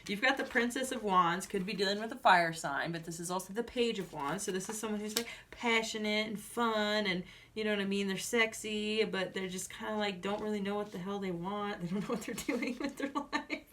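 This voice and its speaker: A woman's voice: mid-range voice, fairly quick, hardly any pauses, a bit bright. A woman doing a casual tarot reading, chatty and full of fillers, often breaking into giggles. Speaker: tarot reader. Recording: voice a bit far from mic, faint noise.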